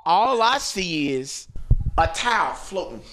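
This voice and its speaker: A man hosting a podcast, telling a story in casual chat, animated and laughing often as he acts out quotes. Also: high voice, slow pace, a little hiss or hum. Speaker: podcast host. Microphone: podcast studio mic.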